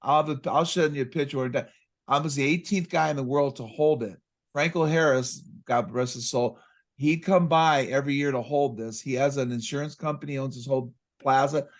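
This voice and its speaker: An excitable man tells stories in an animated, conversational way, acting out both sides of his exchanges with patients. His voice sits at an ordinary middle pitch. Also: moderate pace. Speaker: chiropractic practice coach. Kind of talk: casual conversational talk.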